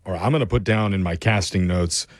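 A man hosting a morning radio show, making a prank call as a deadpan fake producer. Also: low-pitched, fast talker, no echo, clean studio sound.

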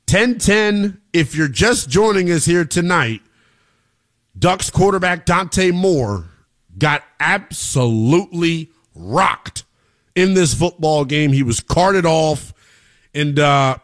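A man's voice: a little high, lively intonation, fairly bright tone. A man hosting a live college football talk show, hyped and jokey, talking straight to viewers and reading out score updates. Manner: hyped, hollering, jokey with quick drops to mutters; talks straight to viewers, reads scores and chat comments.

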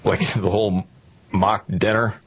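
A man's voice: on the low side, little pitch movement, a little slow, husky. Sarcastic man on talk radio. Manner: sarcastic, jokey. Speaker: radio show co-host. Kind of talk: casual political talk radio banter.

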